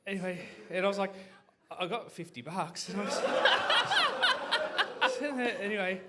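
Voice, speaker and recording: A man's voice: high-pitched, big pitch swings, unhurried, very noisy. Rambling man telling a yarn. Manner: rambling, keeps saying "anyway", swears a lot, laughs mid-story. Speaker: guest telling a story on stage. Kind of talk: crowd-facing comic yarn.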